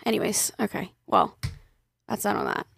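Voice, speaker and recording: Animated woman telling stories on a podcast. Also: medium pitch, normal speed, gravelly, slightly rough, no room sound. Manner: animated storyteller acting out quoted voices. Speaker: podcast co-host. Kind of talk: casual chat.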